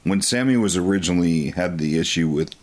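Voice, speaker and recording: A young man co-hosting a wrestling show, recapping past events in a relaxed way with many filler words. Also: low-pitched, a little fast. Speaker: wrestling promotion co-host. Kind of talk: casual commentary over match footage.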